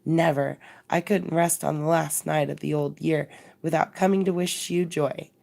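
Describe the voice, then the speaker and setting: A woman reading the lines of a good-humored, effusive middle-aged woman who bursts in with warm wishes. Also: deep voice, steady tone, moderate pace, gravelly. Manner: gushing, emphatic.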